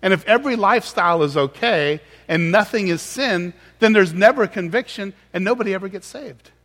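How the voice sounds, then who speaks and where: A man's voice: high voice, brisk, fairly bright tone, big-room sound. A man preaching a sermon as pastor, earnest and explanatory, often restarting his words.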